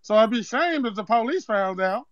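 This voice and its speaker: A man's voice: high-pitched, lively intonation, fairly quick, fairly bright tone, no room sound. A man voicing an irate young male customer with a put-on accent in a prank call, threatening and demanding in street slang. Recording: muffled phone-call recording.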